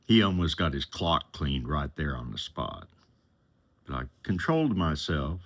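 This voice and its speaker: Deep husky male storyteller, slow and plain-spoken, former driver recounting his past. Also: big pitch swings, fairly bright tone. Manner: plain-spoken, unhurried, conversational. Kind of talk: personal testimony storytelling.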